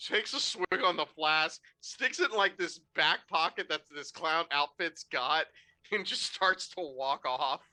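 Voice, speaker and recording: A game master narrating a tabletop game in an animated, laughing, loose way. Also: mid-range voice, a little slow.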